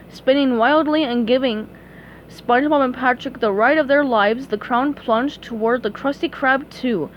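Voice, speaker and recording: A young woman reads a storybook aloud in a high voice. She reads steadily and fixes small slips as she goes. A faint hiss runs under the recording. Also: measured pace, muffled recording. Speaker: reader.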